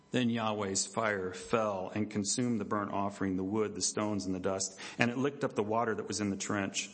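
A pastor preaching to his church in an animated, conversational way. His voice sits at a middle pitch for a man and drops low and soft to stress a point. He acts out the quoted voices with big leaps in pitch. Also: a little fast, hardly any pauses. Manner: drops low and quiet for emphasis. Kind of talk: sermon. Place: church sanctuary.

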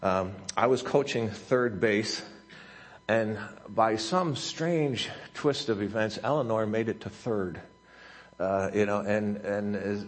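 A man preaching a sermon as a pastor, telling a story in a halting way with many restarts and fillers. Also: lowish voice. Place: church sanctuary.

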